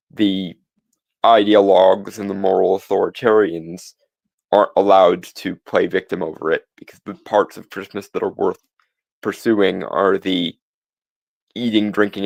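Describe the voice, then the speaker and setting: A man with a low voice and a gravelly edge talks through his views in casual podcast chat. He meanders, restarts his sentences and leans on fillers. The sound is close and dry. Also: no echo. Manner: musing, halting, many restarts and fillers. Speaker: podcast co-host.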